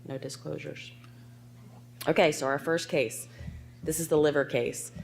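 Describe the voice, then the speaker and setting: A hoarse woman moderating a panel at a medical conference. She reads out a clinical case in an even, clinical way. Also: low-pitched, measured pace, a little hiss or hum. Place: conference hall.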